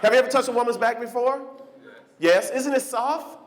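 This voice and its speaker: A man doing a stand-up comedy set on a club stage, animated and often jumping into shouted character voices. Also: very high-pitched, normal speed, background noise. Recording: live club recording with crowd laughter. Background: audience laughter.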